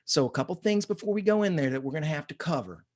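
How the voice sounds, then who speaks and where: A man voicing a short Southern woman who leads ghost tours, giving solemn, drawn-out warnings in a Southern accent. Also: fairly high pitch, expressive, darkish tone, close to an everyday voice. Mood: earnest.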